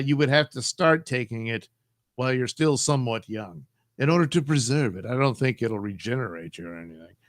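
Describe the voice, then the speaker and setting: A man's voice: mid-range voice, bright, forceful tone, dry recording. Middle-aged guy chatting on his live stream, goofy rambling, voice jumps around a lot, dead dry room. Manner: rambling, jokey, reads chat aloud. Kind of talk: casual live stream chat.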